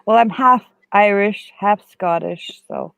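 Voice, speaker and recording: A woman's voice: medium pitch, slow pace, vocal fry, a bit bright, no room sound, dull audio. A woman co-hosting a casual live chat. She keeps to short, easygoing replies and agrees with whatever is said. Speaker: co-host.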